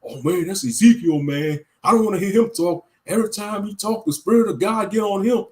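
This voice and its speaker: A man doing a jittery ancient townsman, his voice pushed well above his usual pitch and rattled off at speed. Anxious and urgent, like someone backing away from trouble, told as a quick street-talk aside. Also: natural voice. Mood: scared. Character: frightened ancient townsman fleeing a prophet.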